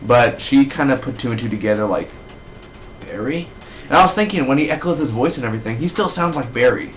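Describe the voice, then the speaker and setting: A man giving a casual spoken review of a TV episode, rambling and excitable with lots of fillers. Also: mid-range voice, quick pace, slight background noise. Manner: rambling, excitable fan talk with many fillers.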